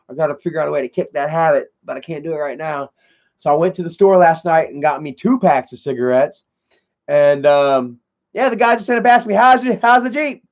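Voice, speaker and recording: A man's voice: fairly high pitch, muffled recording. A man live streaming in a loose, rambling way, swearing often and filling with "man" and "you know".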